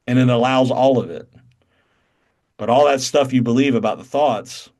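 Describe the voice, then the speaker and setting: A man's voice: medium pitch, a little mellow. A man from North Carolina with a Southern accent, giving a blunt, profane spiritual talk on a video call. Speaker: satsang teacher.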